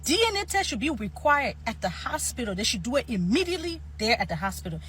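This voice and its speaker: A woman's voice: a little high, fairly bright tone, breathy edge, poor audio. A woman with an African accent giving an emphatic opinion commentary, often repeating herself for stress.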